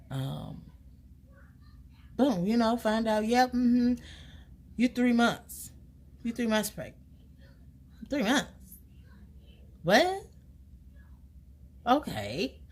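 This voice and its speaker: A young woman tells a personal story in a casual, chatty way. Her voice sits fairly low but leaps high whenever she acts out what people said, and her delivery is animated. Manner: animated, acts out quotes with big pitch jumps.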